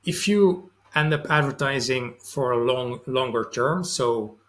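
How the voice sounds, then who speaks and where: A man's voice: medium pitch, a little slow, a bit bright. Man giving casual marketing advice. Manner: loose and conversational, with fillers like "um" and "like". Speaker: sales and marketing channel host. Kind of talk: casual advice monologue to camera.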